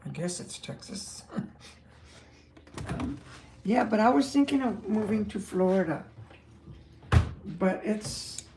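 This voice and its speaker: A woman's voice: mid-range voice, expressive, takes it slowly, long pauses, reverberant, noisy background. A woman who drives a truck, chatting casually and rambling with frequent laughs. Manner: chatty, meandering, laughs often.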